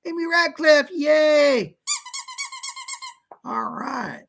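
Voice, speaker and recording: A man's voice: very high-pitched, animated, very slow, vocal fry, a bit bright, a little hiss or hum. A man hosting a casual psychic livestream, chatty and fussy, greeting viewers and scolding a pet companion.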